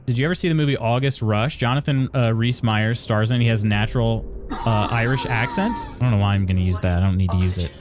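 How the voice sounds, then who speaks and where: Male streamer, average pitch, loose conversational gamer chat, faint game music underneath. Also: quick pace. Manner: chatty, reads chat aloud, frequent chuckles. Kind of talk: casual live-stream chat while gaming.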